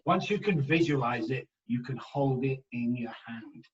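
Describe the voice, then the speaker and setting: A man speaking as a guest on a podcast interview, telling emphatic, animated anecdotes about how words shape the mind. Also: medium pitch, measured pace. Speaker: guest addiction specialist. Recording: slightly dull, distant mic.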